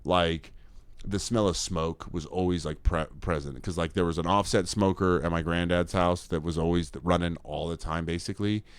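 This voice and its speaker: A man with a very low voice, chatting loosely on a podcast. He is relaxed and teasing, drops dry deadpan asides, and is recorded close with no room echo. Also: normal speed, clean tone. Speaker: podcast co-host. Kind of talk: casual chat.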